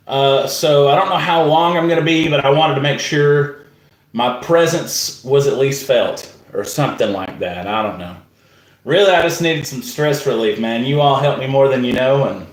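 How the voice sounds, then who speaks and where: A man's voice: a little high, roomy sound. A man chatting casually on a live stream, greeting viewers by name in a laid-back way. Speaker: live stream host and musician.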